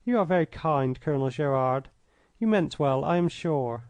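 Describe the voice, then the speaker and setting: A man's voice: a little high, lively intonation, moderate pace, darkish tone, no echo. A man reading an audiobook, voicing a proud young English noblewoman who refuses firmly and stays composed. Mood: polite. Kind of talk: audiobook character voice.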